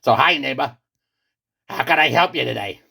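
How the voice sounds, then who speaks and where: A man voicing a boastful male pizza character with a husky, gravelly voice in a comedy skit. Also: expressive, normal speed, sharp tone, exaggerated voice. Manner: booming, theatrical, insistent. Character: boastful male pizza character, self-styled great one.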